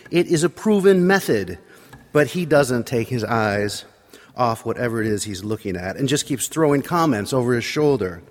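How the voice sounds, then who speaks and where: A man's voice: medium pitch, animated, normal speed. Man telling a wry story in a reverberant hall. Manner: wry, self-deprecating narration. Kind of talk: personal storytelling sermon.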